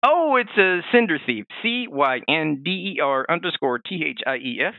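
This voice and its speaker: A man co-hosting a casual podcast, chatting in an animated way with many fillers and restarts. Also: on the high side, normal speed, vocal fry, no room sound, narrow, tinny audio. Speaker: podcast co-host.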